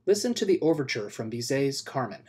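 A man teaching music theory in a scripted video lesson, explaining clearly and steadily and chanting rhythm syllables. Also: medium pitch, big pitch swings, a little fast, very noisy. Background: music playing.

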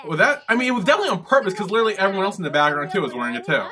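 A man hosting a reaction video, talking casually and excitably, swearing freely and exclaiming at what he sees. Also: high-pitched, racing, a crowd in the background.

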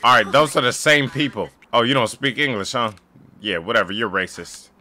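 A young man giving sarcastic, jokey commentary while playing a game, often yelling at it. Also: mid-range voice, a little fast. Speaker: gaming YouTuber. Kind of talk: casual gameplay commentary.

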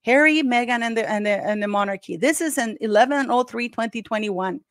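A woman's voice: a little high, a little fast, dry recording, clean studio sound. A woman hosting her own channel, giving heated, emphatic commentary and speaking straight to her viewers as "guys". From Canada. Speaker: YouTube channel host.

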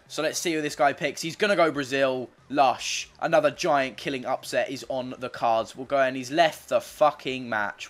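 A man's voice: medium pitch, moderate pace, soft background music. Brief: male gaming YouTuber, crude and frustrated, live gameplay commentary. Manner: sweary, frustrated, animated.

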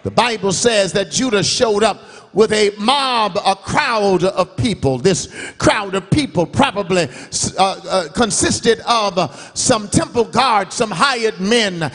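A man preaching a revival sermon in a church, with an emphatic cadence that swings between shouted and sung phrases. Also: high-pitched, expressive, measured pace, slightly rough. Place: church sanctuary. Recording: long church hall reverb.

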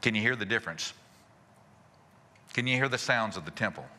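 A male pastor preaching a sermon in a folksy way, asking rhetorical questions and chuckling softly. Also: fairly low pitch, lively intonation, a little fast, long reverb tail.

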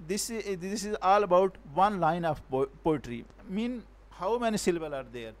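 A man lecturing on poetic meter, halting often and correcting himself, speaking English with non-native grammar. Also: a little high. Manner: halting, repeats and self-corrects words. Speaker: teacher.

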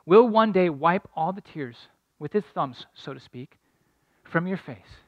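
A man's voice: a little high, moderate pace, no room sound, dull audio. A middle-aged man preaching a sermon as pastor, telling a story earnestly and building to emphatic points.

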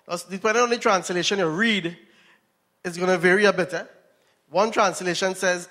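A man's voice: high voice, fairly even intonation, moderate pace, pushed and bright. A Trinidadian man preaching a sermon, telling a story and asking his listeners questions. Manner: storytelling, asks the audience questions. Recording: long reverb in a hall.

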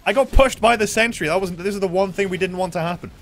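A young man giving live, excitable commentary on his own gameplay as a streamer, swearing and yelling at the screen. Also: sits high, fast, hardly any pauses, a little hiss or hum. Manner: excitable, swears a lot, yells at the game.

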